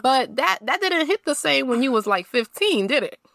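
A woman co-hosting a podcast, reacting to a TV episode in animated, blunt and slangy casual chat. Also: sits high, moderate pace, creaky, slight background noise. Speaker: podcast co-host.

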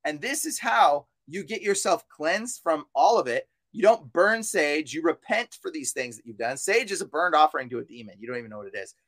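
A man's voice: fairly high pitch, animated, a little fast, few pauses, fairly bright tone, no echo. A man talking as an exorcist guest on a podcast, fervent and insistent, repeating himself and mixing in casual slang. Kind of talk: preachy podcast talk.

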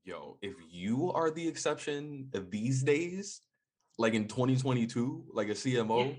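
A man hosting a podcast interview, asking casual, animated questions and saying "yo". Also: medium pitch, unhurried. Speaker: podcast host. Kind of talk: conversational interview.

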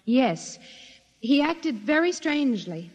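A woman's voice: high-pitched, sing-song, takes it slowly, a little mellow, full character voice. A woman playing an earnest female secretary giving testimony in a 1950s radio drama. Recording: reverberant old radio recording.

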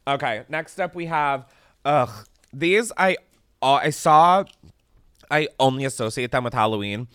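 A man hosting a podcast in casual chat, animated and chatty, swearing freely and laughing often. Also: medium pitch, measured pace, clean tone, no room sound, clean studio sound. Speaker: podcast host. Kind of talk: casual chat, candy taste test.

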